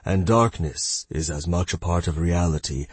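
A formal, slightly awkward deity pleads his case in measured words, as a man voices him in an audiobook. The voice is low and husky. It is recorded dry and close. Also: no echo. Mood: earnest.

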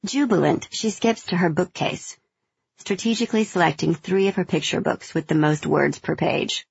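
A woman narrating a first-person audiobook in a measured, gentle storytelling manner. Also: deep voice, gravelly, husky, no room sound, dull audio.

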